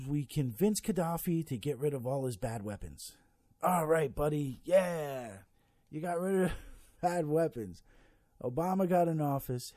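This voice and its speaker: A man's voice: fairly high pitch, mellow, no room sound. A man ranting casually about politics as a podcast host, swearing constantly and rambling with many fillers.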